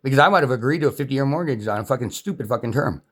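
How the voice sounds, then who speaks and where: A man's voice: mid-range voice, animated, very fast. A man ranting angrily to camera, swearing constantly, his voice rising whenever he gets heated. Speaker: vlogger. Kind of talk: angry profane rant to camera.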